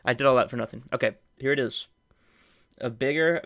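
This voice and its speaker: A man's voice: medium pitch, brisk, vocal fry. Hyped young man reacting on stream. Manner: excitable, loud bursts of hype and laughter. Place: home room.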